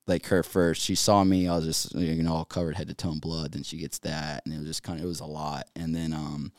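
A man tells his story as a podcast guest, with a low voice picked up close and dry. He talks casually and animatedly, full of fillers, laughs often and acts out what others said to him. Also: little pitch movement, fairly quick, no room sound. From North Carolina.

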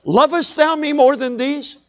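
A man preaching, voicing Jesus as a calm teacher speaking in slow, old-fashioned solemn phrasing. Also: very high-pitched, dull audio, pitched above the performer's own voice. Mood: questioning gently.

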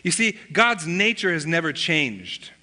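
Bright-voiced pastor preaching in a reverberant hall. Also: male voice, fairly high pitch, very animated, unhurried. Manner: conversational storytelling, acts out family dialogue. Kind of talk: sermon. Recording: long reverb of a large hall.

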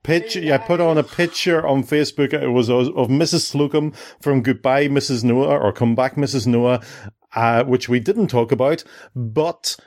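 A man's voice: medium pitch, moderate pace, darkish tone. A man hosting a casual family podcast, rambling and stumbling over his words. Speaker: podcast host.

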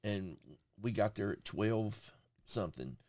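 Animated, foul-mouthed man telling a story. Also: on the low side, unhurried, no echo, clean studio sound. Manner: profane, animated storyteller who acts out quotes. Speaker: podcast host. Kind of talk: casual storytelling chat.

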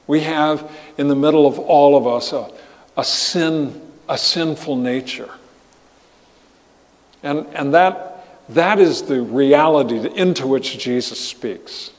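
A man preaching as a pastor, earnest and halting, often restarting his phrases. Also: medium pitch, big-room sound. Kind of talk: sermon.

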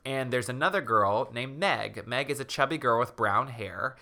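A man co-hosting a podcast, retelling a children's book in a playful, animated way. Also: mid-range voice, normal speed. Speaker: podcast co-host. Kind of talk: casual chat retelling a book.

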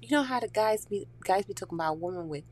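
A woman's voice: mid-range voice, animated, quick pace. A woman talking candidly and profanely in a casual chat, laughing often and dropping into whispery asides.

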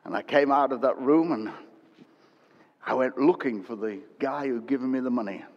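An older man preaching a sermon, telling a story animatedly and swinging from loud to hushed. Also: mid-range voice, moderate pace. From England. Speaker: pastor. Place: church hall. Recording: dull echoey church hall recording.

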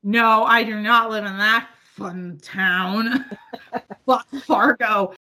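A woman from the northern US, chatting casually as a podcast co-host, loud, laughing often and swearing freely. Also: mid-range voice, steady tone, takes it slowly. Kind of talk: casual chat.

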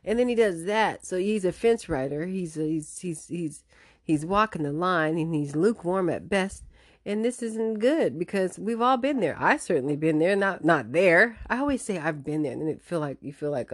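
Woman host, low voice, dry close sound, emphatic vlog talk with lots of restarts. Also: moderate pace, no echo. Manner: emphatic, animated, with many restarts. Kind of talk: casual commentary vlog.

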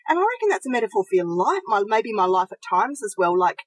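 A woman's voice: mid-range voice, very animated, fast talker, slightly rough, dry recording, poor audio. Reflective woman, open and searching. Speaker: podcast co-host. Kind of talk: casual podcast chat.

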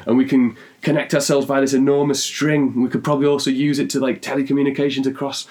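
A man's voice: low voice, fairly even intonation, fairly quick, mellow, distant mic. A man voicing a downcast man in a pub facing deportation, talking in a hesitant, mumbling way. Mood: excited.

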